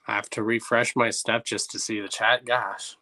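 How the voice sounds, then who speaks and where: A man's voice: on the low side, level tone, normal speed, pushed and bright. A man hosting a livestream, chatting loosely and reacting to viewers' messages. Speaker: livestream host. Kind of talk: casual livestream chat.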